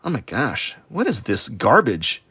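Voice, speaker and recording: With a medium-pitched voice that swoops wildly, this adult streaming artist talks at a measured pace in a pushed, bright, slightly rough tone. He draws on a livestream while rambling casually, stuttering and putting himself down, in a dry, studio-quality recording.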